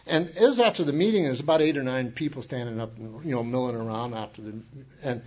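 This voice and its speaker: A man's voice: mid-range voice, fast talker, a little mellow, dull audio. A man giving a rambling, self-mocking testimony at a recovery meeting. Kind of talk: personal testimony talk.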